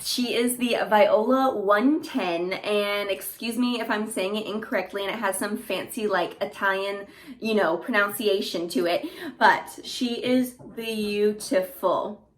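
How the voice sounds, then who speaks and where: A young woman vlogging an excited unboxing at home, gushing with lots of "like" and "oh my God". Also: medium pitch, moderate pace. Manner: gushing, breathless, fillers like "like" and "oh my God". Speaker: beauty and fashion vlogger. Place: home indoors. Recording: echoey room, faint noise.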